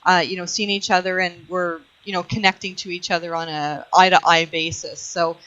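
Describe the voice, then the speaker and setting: A woman's voice: on the low side, level tone, moderate pace, a bit bright. A woman hosting a call-in psychic show, chatting casually with plenty of fillers and frequent laughs. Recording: muffled lo-fi online radio audio.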